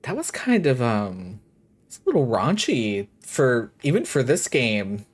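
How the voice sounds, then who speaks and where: A man's voice: medium pitch, big pitch swings, a little slow. Sarcastic, swearing gaming streamer man. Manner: sarcastic, swears freely, reads game dialogue aloud. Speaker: game streamer. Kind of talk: casual live-stream commentary.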